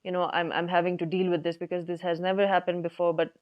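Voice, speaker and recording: A woman's voice: lowish voice, flat delivery, quick pace, lightly acted. A woman voicing a tired, grumpy old woman who talks in a curt, dismissive way, in a storytelling recording. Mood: regretful. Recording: dull lo-fi recording.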